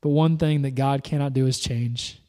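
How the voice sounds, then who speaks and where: A man's voice: medium pitch, fairly even intonation, moderate pace, warm tone. A man preaching as a pastor, earnest and emphatic, repeating phrases as he builds his points. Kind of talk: sermon. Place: church service, filmed. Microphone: camera. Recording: long hall reverb.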